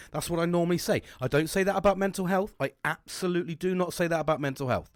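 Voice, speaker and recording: A man's voice: high-pitched, fast, hardly any pauses, dry recording, clean studio sound. Blunt, foul-mouthed man in his forties. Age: 40s. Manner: swears constantly, blunt and boisterous. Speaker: podcast host. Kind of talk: casual monologue.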